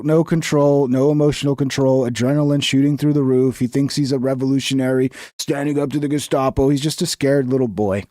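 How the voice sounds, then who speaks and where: A man's voice: medium pitch, warm tone, dry recording, clean studio sound. A man giving casual live-stream commentary on news clips, crude, swearing and mocking.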